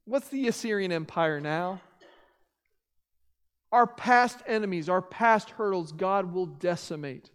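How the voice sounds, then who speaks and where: A pastor in his thirties preaching a sermon and reading scripture, earnest, his loudness rising and falling. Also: high voice, unhurried, long pauses, clear, resonant tone, big-room sound.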